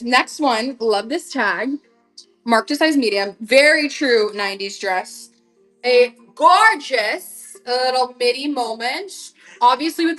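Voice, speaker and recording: A woman's voice: high-pitched, fairly bright tone, low-quality recording. A young woman in her twenties hosting a live vintage clothing sale, chatting casually and gushing to her viewers. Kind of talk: casual live-selling chat.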